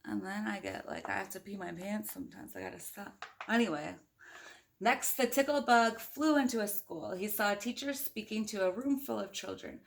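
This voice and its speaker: A woman's voice: mid-range voice, very animated, normal speed, vocal fry, slight background noise. A woman reading a children's storybook aloud, playful and chatty, asking the listeners questions along the way. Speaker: storybook reader.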